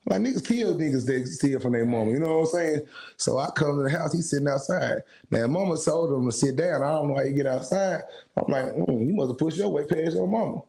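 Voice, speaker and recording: A man, a singer guest, telling stories in an animated, casual way, acting out the voices he quotes in streetwise slang. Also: on the high side, gravelly, poor audio. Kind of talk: casual storytelling.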